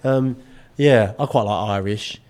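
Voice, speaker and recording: A man's voice: lowish voice, a little slow, a little mellow. A young English man co-hosting a podcast in casual chat, joking around and often slipping into mock accents. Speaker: podcast co-host.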